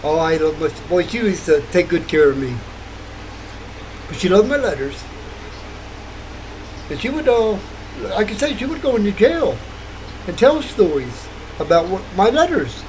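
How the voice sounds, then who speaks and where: Older man, rambling late-night monologue, high animated pitch, faint hum behind. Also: normal speed, pauses often, rough recording. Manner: rambling, wandering, laughs often. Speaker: vlogger.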